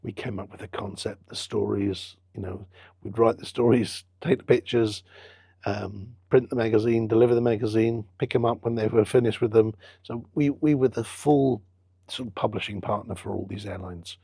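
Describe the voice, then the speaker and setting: A middle-aged man, a business founder telling his story in an interview with lively quoted dialogue. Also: on the low side, moderate pace, gravelly, slightly rough, no echo. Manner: chatty anecdotal storyteller, acts out quoted dialogue. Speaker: business founder and football club owner, guest.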